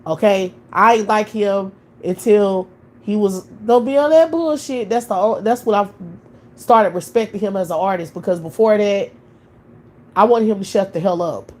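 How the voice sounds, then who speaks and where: A woman's voice: mid-range voice, fairly even intonation, normal speed. A woman hosting a live stream, talking in a blunt, profane, opinionated way in casual chat.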